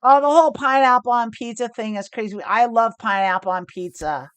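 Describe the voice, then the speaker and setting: Her voice sits a little high, brisk and fairly bright, clear and resonant with no echo. This American woman talks through her online poker live stream, explaining each move in a chatty way. She pokes fun at herself, laughs often and drops the occasional mild swear word.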